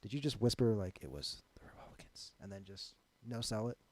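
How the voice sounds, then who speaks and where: A man co-hosting a casual podcast, animated and quick to jump in with rebuttals. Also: lowish voice. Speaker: podcast co-host.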